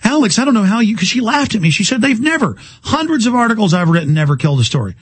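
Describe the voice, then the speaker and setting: A man hosting a talk radio show, ranting in a rambling, heated way. His voice sits a little high and has a husky edge. The sound is close and dry, with no room around it. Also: very animated, very fast, dry recording.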